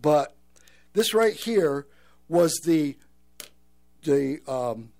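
A man's voice: a little high, lively intonation, drawn-out words, pauses often, a little mellow. A man hosting a talk radio show, talking earnestly to listeners and calling them folks.

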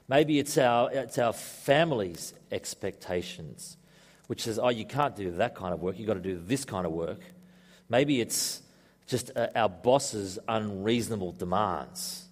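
A man's voice: medium pitch, a little mellow. A man preaching a sermon to a congregation in a conversational way, mixing in joking asides. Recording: echoey hall reverb.

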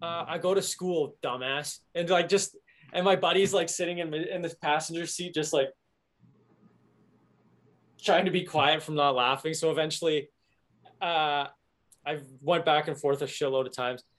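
A young man hosting a casual chat, telling an animated story and laughing at it. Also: on the high side, moderate pace, long pauses. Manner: animated storyteller, laughs at his own stories.

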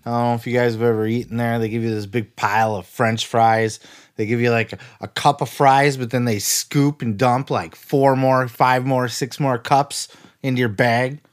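A man's voice: medium pitch, fairly even intonation, normal speed. A man hosting a wrestling podcast, talking in a crude, joking, rambling way and slightly out of breath. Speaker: podcast host. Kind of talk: casual wrestling podcast monologue.

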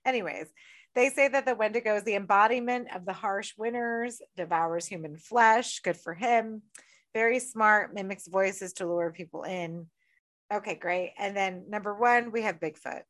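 A woman's voice: medium pitch, normal speed, fairly bright tone. A woman from upstate New York co-hosting a podcast in casual chat, blunt and sarcastic, swearing freely. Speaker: podcast co-host.

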